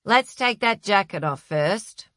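A woman voicing a big, strong man who speaks in a loud, commanding way in an audiobook. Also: medium pitch, lively intonation, unhurried, dry recording, clean studio sound, voice pushed up. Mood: firm.

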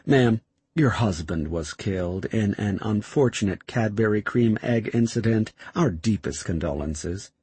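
A man's voice: fairly low pitch, lively intonation, a little slow, dark tone, husky, no echo, exaggerated voice. A man voicing a stiff male company official delivering bad news in a formal, mock-solemn way.

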